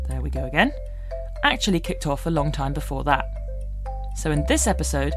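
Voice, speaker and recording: A woman, hosting a personal podcast in a candid, self-mocking way. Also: low voice. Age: 30s. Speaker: podcast host.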